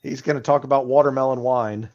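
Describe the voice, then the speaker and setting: A man's voice: medium pitch, fairly even intonation, fast talker, a little mellow, lo-fi sound. A man co-hosting a casual wrestling podcast, laughing and sharing trivia. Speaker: podcast co-host. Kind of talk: casual chat.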